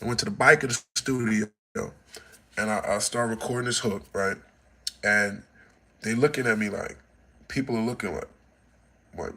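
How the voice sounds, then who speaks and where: A man from Texas telling stories casually to his livestream audience on a phone, dropping to low mutters and then rising into loud, excited bursts. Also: normal speed, husky. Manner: animated, swings between mumbling low and loud excited bursts. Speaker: livestream host.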